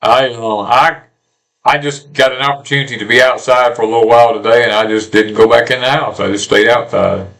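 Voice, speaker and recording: Blunt Southern man, bright-toned. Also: medium pitch, fairly even intonation, a little fast, low-quality recording. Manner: blunt, opinionated, repeats himself. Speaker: homestead channel co-host. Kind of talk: casual porch chat.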